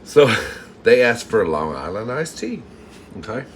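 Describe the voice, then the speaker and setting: A man's voice: mid-range voice, very animated, unhurried, slight background noise. A man hosting a live stream from his kitchen, telling a long campy story, laughing often and acting out customers. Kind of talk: casual storytelling to live chat. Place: home kitchen.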